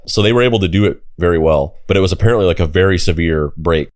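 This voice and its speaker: Brief: young male podcast co-host, low voice, casual rambling storyteller, swears freely. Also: fast talker. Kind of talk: casual chat.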